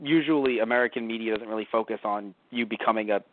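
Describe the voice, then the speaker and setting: A man co-hosting a casual podcast chat, animated and profane, laughing often. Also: on the low side, fast talker, slight background noise. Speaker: podcast co-host. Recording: dry, phone-like lo-fi sound.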